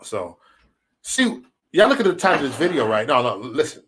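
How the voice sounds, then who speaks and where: Man, AAVE, live stream host, profane rant, lively pitch. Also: moderate pace, breathy edge. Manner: animated, swearing, acts out quotes.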